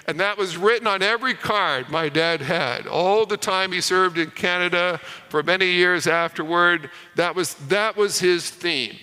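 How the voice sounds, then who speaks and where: A man preaching a sermon, telling a story and dropping to a hush on key lines, with frequent repeated words. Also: sits high, animated, normal speed, clear, resonant tone. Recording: reverberant hall.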